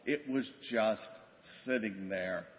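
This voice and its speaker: A man's voice: lowish voice, takes it slowly. An older man and former police officer, recounting a story plainly and conversationally in a church talk. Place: church sanctuary. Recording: dull, long church reverb.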